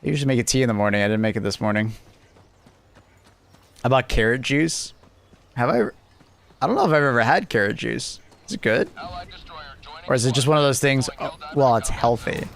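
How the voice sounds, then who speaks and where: A man's voice: mid-range voice, animated, brisk, gravelly, pauses often, a bit bright. A man chatting casually on a gaming livestream, sleepy and laid-back, swearing and teasing himself as he plays. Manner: profane, laid-back, self-mocking banter. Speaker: streamer.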